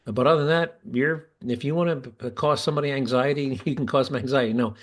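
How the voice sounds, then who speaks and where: A man's voice: mid-range voice, steady tone, fast talker. A man hosting a podcast, talking casually and restarting sentences as he explains. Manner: chatty, restarts often while explaining. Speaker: podcast host. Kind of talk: casual talk.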